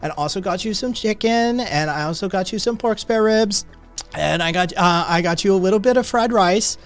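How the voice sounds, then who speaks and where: A man's voice: sits high, moderate pace, soft background music, pitched above the performer's own voice. A man voicing a plump, short, elderly woman who runs a food stall. She is doting and bossy and fusses in clipped, broken English. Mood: fussing. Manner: fussy, clipped broken English, repeats herself.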